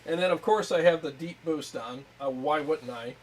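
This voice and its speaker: An enthusiastic man chatting casually on a livestream, pitched a little higher than most men. He rambles and restarts his sentences as he talks about his gear. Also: normal speed, a little hiss or hum. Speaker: show host.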